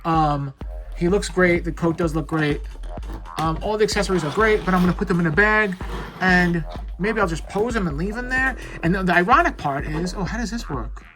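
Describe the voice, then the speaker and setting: A toy reviewer rambles casually about an action figure he's fiddling with at home, sounding blunt and frustrated. His voice is high-pitched, fairly quick and a bit bright.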